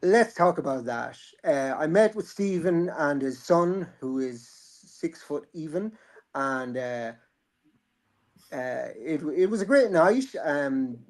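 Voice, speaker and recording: A man's voice: fairly high pitch, animated, slow pace, darkish tone. Rambling, joking man. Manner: rambling, joking, swears freely. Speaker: boxing podcast host. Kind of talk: casual chat.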